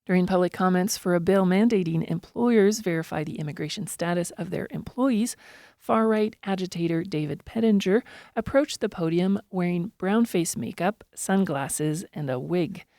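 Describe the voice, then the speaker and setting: A woman filing a scripted public radio news report in a crisp, even reporting delivery. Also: lowish voice, normal speed, no room sound, clean studio sound.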